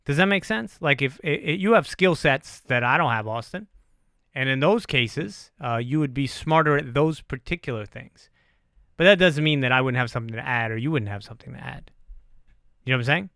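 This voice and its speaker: Animated, profane podcast host man. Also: medium pitch, fairly quick, vocal fry, dry recording, clean studio sound. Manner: animated, profane, self-deprecating. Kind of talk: casual podcast chat.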